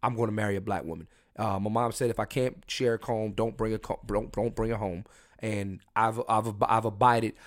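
A young man hosting a solo podcast, talking in a crude, rambling, jokey way with lots of swearing and restarts. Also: medium pitch. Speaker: podcast host.

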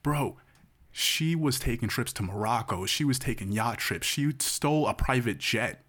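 A man's voice: mid-range voice, animated, normal speed, a bit bright. A man co-hosting a podcast in casual chat, telling a story at length and checking in with "right?". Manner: rambling storyteller, tags lines with "right?". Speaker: podcast co-host.

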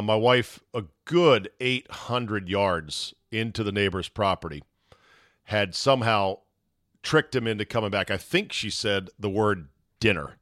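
A man hosting a podcast, telling a story in a casual, animated way, swearing now and then and acting out shouts. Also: medium pitch, no echo, studio quality. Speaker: podcast host.

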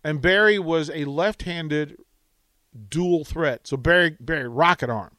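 A man hosting a sports radio show, telling an animated story in casual chat. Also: on the high side, unhurried, no room sound. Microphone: studio microphone.

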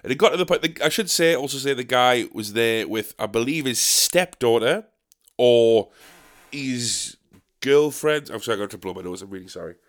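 A man's voice: medium pitch, expressive, moderate pace. A man, a stand-up comedian, telling a story in an exasperated, ranting way and swearing freely. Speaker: stand-up comedian and pub quiz host. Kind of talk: casual storytelling monologue.

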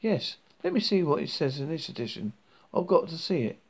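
A man reading aloud and voicing an indignant, panicky earthman in shrill, exasperated outbursts. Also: big pitch swings, a little fast, creaky, darkish tone, husky, heavily acted. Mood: anxious.

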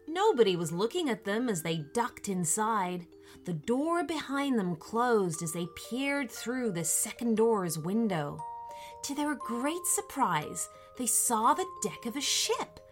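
Slow, animated woman storyteller. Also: on the high side. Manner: expressive, animated reading. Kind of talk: children's story narration.

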